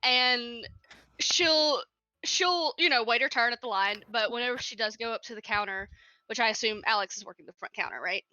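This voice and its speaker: Bubbly high-voiced young woman player. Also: normal speed, bright, forceful tone, dry recording, muffled recording, faint music behind. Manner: bubbly, laughs often. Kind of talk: tabletop role-play.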